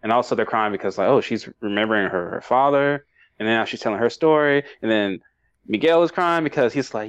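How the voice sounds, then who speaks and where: A man's voice: fairly low pitch, moderate pace, smooth, no room sound. A man co-hosting a casual movie review chat, rambling and emotional, laughing often and restarting his sentences. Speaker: podcast co-host. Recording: dull dry lo-fi sound.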